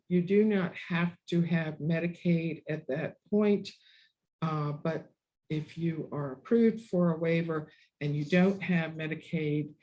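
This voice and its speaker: A presenter talks through program rules in a measured, explanatory webinar style, reading some parts and ad-libbing small asides. The voice is mellow and warm, sitting at an ordinary middle pitch. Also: rough recording. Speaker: disability advocacy presenter.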